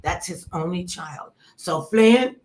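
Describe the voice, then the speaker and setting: A woman radio host telling a lively personal story in casual chat, with loud outbursts and quoted asides. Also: on the low side, takes it slowly, slight background noise.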